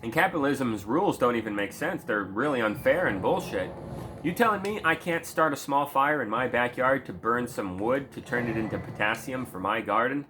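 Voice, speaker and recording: A man's voice: medium pitch, expressive, moderate pace, noisy background. A man ranting in a casual commentary video, heated and sarcastic, swearing often. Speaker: video creator.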